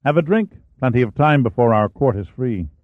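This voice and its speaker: A man's voice: mid-range voice, animated, a little fast, dry recording, close to an everyday voice. A man voicing a friendly, chatty American historian. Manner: genial, chatty. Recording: dry, tinny phone-like sound.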